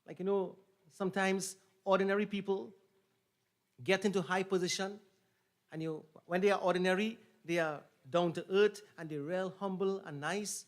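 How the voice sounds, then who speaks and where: A man's voice: high-pitched, fairly even intonation, moderate pace. A man giving a sermon as a pundit, telling the story with repeated phrases and rising emphasis on key points. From Trinidad and Tobago. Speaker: pundit officiating a yagna.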